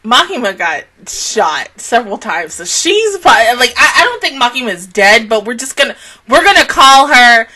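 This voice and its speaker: Bright, animated woman reacting to anime. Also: fairly high pitch, moderate pace. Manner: expressive, swears a lot, swings between shouting and laughing. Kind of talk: excited anime reaction review.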